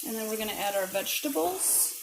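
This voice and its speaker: Woman, home cook vlogger, chatty and self-deprecating; roomy kitchen sound, pan sizzling loudly under her voice. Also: mid-range voice, very animated, fast talker, vocal fry. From not from the American South. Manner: chatty, self-deprecating, talks while cooking. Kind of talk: casual cooking vlog. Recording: echoey kitchen with frying noise.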